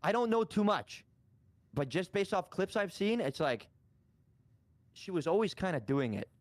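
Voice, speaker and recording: A man's voice: high-pitched, very animated, normal speed, no room sound. A man telling a story in a casual chat, rambling with many restarts and casual swearing. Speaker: guest streamer.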